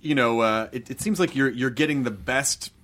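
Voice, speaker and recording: A man's voice: mid-range voice, moderate pace, a bit bright. A man interviewing a guest in a casual chat, reacting eagerly with short exclamations.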